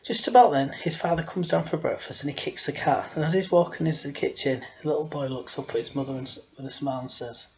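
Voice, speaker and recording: A man's voice: a little high, quick pace, hardly any pauses, highs cut off. A man hosting a casual joke-telling home video. He rambles, mocks himself and sighs often between his lines. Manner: rambling, self-mocking, sighing often. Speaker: storyteller host.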